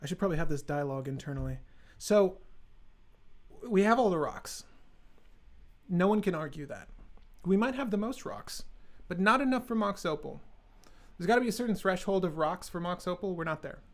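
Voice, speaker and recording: A man's voice: high voice, expressive, normal speed, long pauses. A man hosting a live stream, building a card game deck and joking sarcastically with his chat.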